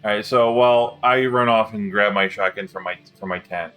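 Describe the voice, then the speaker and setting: A man's voice: on the low side, moderate pace, a bit bright, faint music behind. A man playing a tabletop game, speaking hesitantly and stumbling over his words. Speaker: player. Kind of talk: casual tabletop play.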